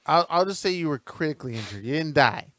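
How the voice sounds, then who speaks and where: A man's voice: a little high, fast talker, no echo. A man co-hosting a podcast, mostly listening with short agreements and asking probing follow-up questions in a casual way. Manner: steady backchannel, supportive, probing questions. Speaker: podcast co-host.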